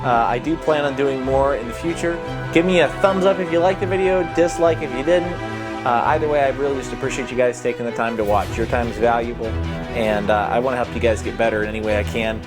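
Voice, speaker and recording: A man's voice: mid-range voice, steady tone, fast talker, over music. A man giving a casual voice-acting tutorial into a close mic, explaining technique with loose, demonstrative talk and many fillers. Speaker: voice-acting coach. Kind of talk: tutorial vlog. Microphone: close mic he sometimes touches.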